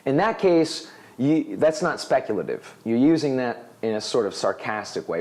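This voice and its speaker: Animated man teaching English. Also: mid-range voice, normal speed, few pauses. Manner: animated, acts out example dialogues. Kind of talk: video lesson explaining a phrase.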